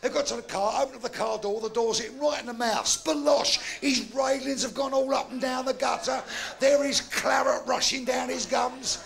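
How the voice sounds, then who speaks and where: An older man with a Cockney accent telling bawdy jokes on stage, spinning animated yarns with shouted sound effects. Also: extremely high pitch, moderate pace, gravelly, faint music behind. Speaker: stand-up comedian. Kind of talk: live stand-up storytelling. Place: live comedy venue.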